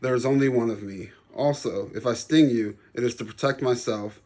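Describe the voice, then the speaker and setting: A man's voice: medium pitch, normal speed, a little mellow, natural voice. A man voicing a friendly female queen honeybee who patiently teaches in a children's storybook. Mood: instructive. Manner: kindly, instructive.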